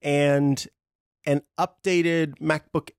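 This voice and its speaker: A man's voice: a little high, flat delivery, very slow, clean tone, no room sound, clean studio sound. A man hosting a casual tech podcast, chatty and full of fillers, laughing often. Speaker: podcast host.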